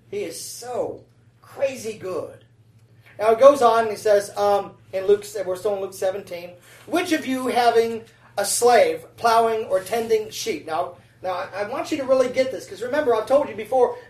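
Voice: mid-range voice, a little mellow. A preacher giving a sermon in a chatty, conversational way, often checking in with the congregation with "right?" and "amen?". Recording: roomy sound from a distant mic.

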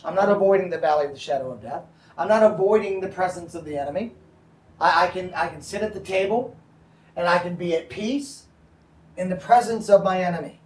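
Brief: male pastor, high voice, conversational Bible teaching, echoey room mic at a distance. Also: a little fast. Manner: conversational, checks in with the audience.

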